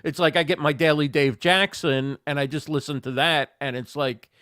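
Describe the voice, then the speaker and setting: A man's voice: on the high side, steady tone, moderate pace, a bit bright, no echo, studio quality. A man appearing as a guest on a podcast, thinking aloud in a casual, hesitant way with frequent laughs. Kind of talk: casual chat.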